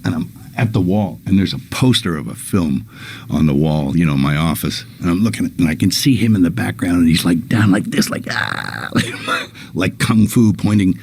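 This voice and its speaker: Gravelly, low-voiced man. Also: moderate pace, dry recording. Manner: animated anecdote-telling, acting out quotes. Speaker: guest. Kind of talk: casual conversation.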